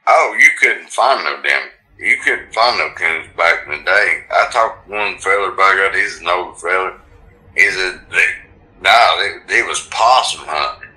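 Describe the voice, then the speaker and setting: A man's voice: deep voice, moderate pace, sharp tone, poor audio. A man, chatting on a podcast in a folksy, rural drawl. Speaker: podcast co-host. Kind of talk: casual chat.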